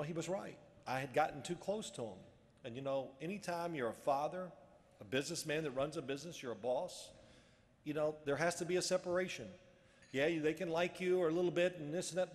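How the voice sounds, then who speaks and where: A man in his fifties delivers a luncheon speech in a reverberant hall. His voice sits a little high for a man, and he tells his stories with lively pacing. He acts out the quoted dialogue as he goes. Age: 50s. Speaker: after-dinner speaker. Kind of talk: storytelling speech. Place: banquet hall.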